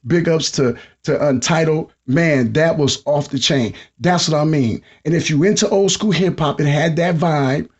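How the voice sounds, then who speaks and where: A middle-aged man hosting a podcast, talking casually and hyping up listeners with repeated shout-outs. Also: fairly high pitch, normal speed, few pauses. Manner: hyped, repetitive shout-outs to the audience. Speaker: podcast host.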